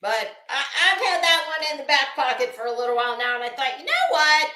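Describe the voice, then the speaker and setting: A woman's voice: sits high, fairly quick, sharp tone, reverberant. A woman hosting a casual live stream, greeting viewers by name and swearing freely. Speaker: livestream host.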